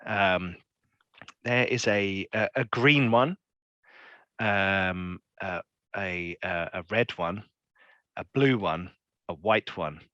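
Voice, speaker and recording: A man's voice: sits low, takes it slowly, pauses often, fairly bright tone, no room sound, muffled recording. A man narrating as game master in a tabletop game, playful and rambling with fillers.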